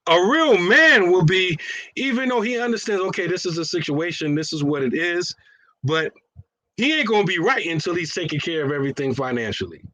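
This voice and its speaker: A man's voice: high-pitched, expressive, brisk, sharp tone, low-quality recording. A man co-hosting a casual religious discussion, teasing and laughing often and putting on voices when he quotes people. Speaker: co-host.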